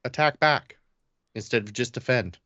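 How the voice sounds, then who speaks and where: A man's voice: medium pitch, moderate pace, a bit bright, dry recording, lo-fi sound. A man co-hosting a podcast, cutting into a political argument over the other speakers. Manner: interjecting, talks over others. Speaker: podcast co-host. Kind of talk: political debate.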